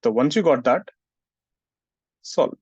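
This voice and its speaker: A man's voice: medium pitch, expressive, slow, a little mellow, husky, dry recording. A male physics teacher, lecturing a class and scolding students who don't listen. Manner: scolds students, asks "getting it?" often. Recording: muffled, dry sound.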